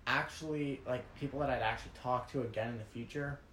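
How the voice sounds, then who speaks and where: A man chatting casually as a podcast co-host, telling a travel story. His voice sits at a middle pitch. The room around him is echoey, with a faint hum behind. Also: steady tone, fast, a bit bright. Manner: storytelling, laughs when amused. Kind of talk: casual chat.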